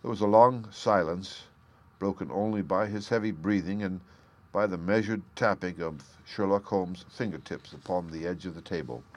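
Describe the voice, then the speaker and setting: A man narrating a classic detective story in a steady, even storytelling manner. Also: low-pitched, normal speed. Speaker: audiobook reader. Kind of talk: scripted narration.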